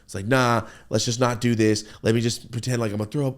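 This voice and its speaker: A man on a podcast telling a profane, excitable story and acting out his own reactions. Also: mid-range voice, fast. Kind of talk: animated storytelling.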